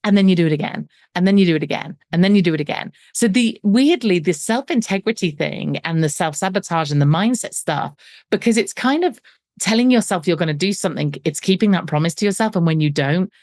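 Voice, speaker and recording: A woman's voice: fairly low pitch, animated, fairly quick, darkish tone, no room sound, studio quality. A middle-aged woman, a business coach interviewed as a guest, telling her story animatedly and acting out the dialogue with self-deprecating humour. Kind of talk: conversational storytelling.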